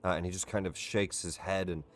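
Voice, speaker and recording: A man with a very deep voice runs a tabletop game session. He narrates actions and calls results in an easygoing, matter-of-fact way, pausing on fillers as he checks rules. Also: steady tone, soft background music. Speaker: game master. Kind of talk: running a tabletop game online.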